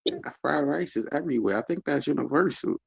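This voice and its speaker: Husky, gravelly playful male guest. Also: fairly high pitch, lively intonation, fast, no room sound. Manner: playful, jokey. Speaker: guest caller on a chat panel. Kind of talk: casual group chat.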